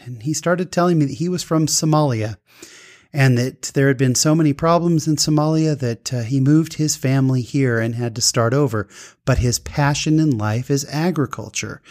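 An upbeat man hosting a talk show, moving between easy chat with guests and an earnest personal story. His voice sits at a middle pitch and he speaks warmly and sincerely.

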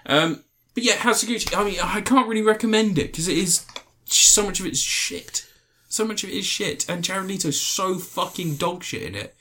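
A man's voice: sits high, normal speed, hardly any pauses, bright, forceful tone, slight background noise. A man co-hosting a casual podcast about films, swearing freely and slipping into silly put-on voices. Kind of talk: casual film chat.

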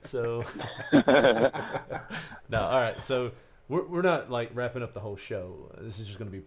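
A man's voice: medium pitch, a little slow, slight background noise. A man hosting a podcast in casual chat, joking and cutting in with questions. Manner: joking, interjecting. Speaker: podcast host.

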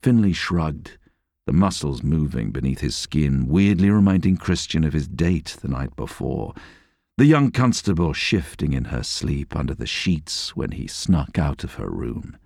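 A man reading a novel aloud as an audiobook narrator, expressive and measured. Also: extremely low pitch, vocal fry, dry recording, studio quality. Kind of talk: scripted narration.

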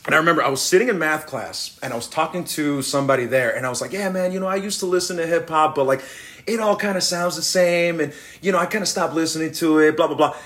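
A man's voice: fairly high pitch, fast. A man in his thirties, a rapper as guest, telling stories in a casual interview and acting out the voices of the people he quotes. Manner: animated, acts out quoted voices.

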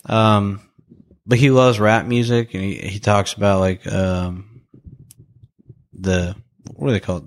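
Rambling low-voiced young man. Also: fairly even intonation, slow, long pauses. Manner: rambling, laughs often, many restarts and fillers. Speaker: podcast co-host reviewing a movie. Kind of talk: casual chat.

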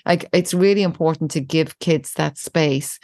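Low-voiced woman speaking thoughtfully on parenting. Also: moderate pace, dry recording, studio quality. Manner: thoughtful, frequent restarts, gentle examples. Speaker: parenting educator guest. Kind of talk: reflective podcast conversation.

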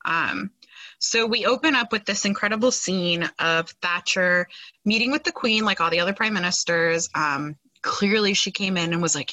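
A woman's voice: on the low side, normal speed, bright, forceful tone, no echo, poor audio. A woman co-hosting a podcast, recapping a TV episode in casual chat, with many fillers and sarcastic asides. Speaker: podcast co-host.

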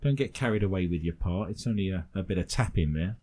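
A British male radio host bantering with his co-hosts. His pitch swings freely as he teases them with dry jokes and reads listener letters aloud. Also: lively intonation, quick pace, very noisy. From Britain. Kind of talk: bantering radio show chat.

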